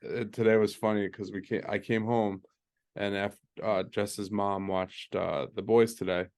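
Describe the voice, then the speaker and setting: Low-voiced man chatting casually. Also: flat delivery, a little slow, a little mellow. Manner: chatty storytelling, adds details to his wife's story. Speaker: podcast co-host. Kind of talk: casual chat.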